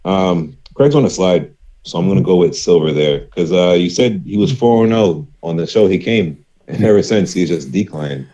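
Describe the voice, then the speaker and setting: Guest, male, very low voice, easygoing chatty delivery. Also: lively intonation, dark tone, muffled recording. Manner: easygoing, filler-heavy, quick picks. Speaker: guest panelist. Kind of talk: casual panel chat.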